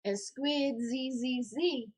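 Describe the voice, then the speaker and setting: A woman co-hosting a casual podcast, reading viewer comments aloud in a jokey, animated way. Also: high-pitched, takes it slowly, breathy edge.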